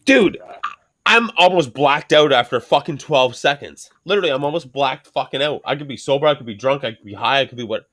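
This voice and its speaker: Middle-aged male host, loose profane podcast chatter, animated delivery. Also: medium pitch, quick pace, hardly any pauses. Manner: animated, heavy swearing, rambling storytelling. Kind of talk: casual profane podcast banter.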